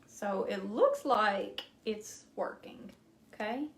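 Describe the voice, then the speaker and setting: A woman's voice: mid-range voice, animated, a little slow. A woman hosting a casual live craft demo, chatty and self-deprecating, laughing often at her own mistakes. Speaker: crafting livestream host. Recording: echoey room with faint noise.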